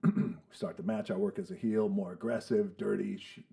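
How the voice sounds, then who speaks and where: A man in his fifties joins a podcast to tell profane, casual stories, acting out the voices of people he quotes. His creaky, dark voice is on the low side, steady, and moderately paced, picked up by a studio podcast mic.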